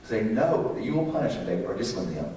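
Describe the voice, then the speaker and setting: A man's voice: lowish voice, sing-song, fast, mellow, slight background noise. A middle-aged man preaching a conversational sermon on parenting, often putting questions to the congregation. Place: church sanctuary. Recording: echoey hall, distant mic.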